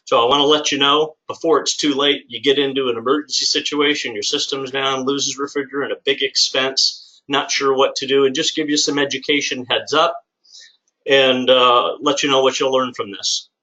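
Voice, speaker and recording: A man's voice: mid-range voice, flat delivery, moderate pace, bright, forceful tone, lo-fi sound. A man who owns a service business, hosting a live webinar in an upbeat, chatty, salesy way. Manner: upbeat, chatty, salesy, many "all right"s. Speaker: business owner and webinar host. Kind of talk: live lunchtime webinar presentation.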